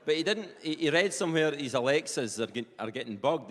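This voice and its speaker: Scottish comedian in a reverberant hall. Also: male voice, a little high, a little fast, hardly any pauses. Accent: Perthshire Scottish. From Scotland. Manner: chatty, rambling, colloquial. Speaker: stand-up comedian. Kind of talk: live stand-up comedy. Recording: live stage with long hall reverb.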